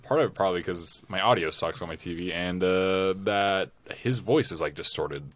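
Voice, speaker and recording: A man's voice: low voice, moderate pace, a bit bright. A man co-hosting a podcast, asking questions in a hesitant, casual way full of fillers. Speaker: podcast co-host. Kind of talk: casual chat.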